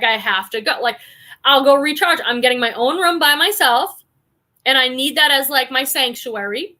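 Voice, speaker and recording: A woman's voice: high-pitched, bright, forceful tone. A woman in her forties hosting a reselling livestream, chatting casually and reading viewer comments aloud with effusive enthusiasm. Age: 40s.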